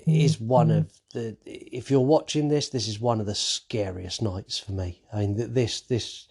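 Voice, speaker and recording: A man's voice: on the low side, unhurried, vocal fry, darkish tone, slightly rough. A man hosting a podcast, recapping a horror movie in casual chat, swearing freely and stumbling over restarts. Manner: swears freely, acts out characters' lines; many fillers and restarts. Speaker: podcast host.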